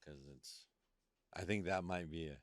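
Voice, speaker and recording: A man hosting a casual podcast chat, telling animated stories and swearing freely. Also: sits low, normal speed. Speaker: podcast host.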